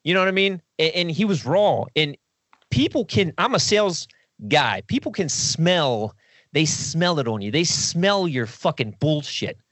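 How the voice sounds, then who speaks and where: A man holds forth on a podcast in a loose, rambling way, swearing often and breaking into quick impressions. His voice sits somewhat high, and the recording is close and dry with almost no room sound. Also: no room sound. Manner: rambling, profane, animated with impressions. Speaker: podcast guest. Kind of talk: casual podcast discussion.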